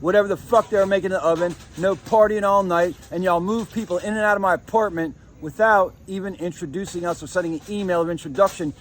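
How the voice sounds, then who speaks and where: A man's voice: high voice, fast, hardly any pauses, slight background noise. A man recording himself on a phone in a shared apartment, ranting angrily with lots of swearing. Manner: profane, heated and confrontational. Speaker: vlogger. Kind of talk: angry ranting vlog.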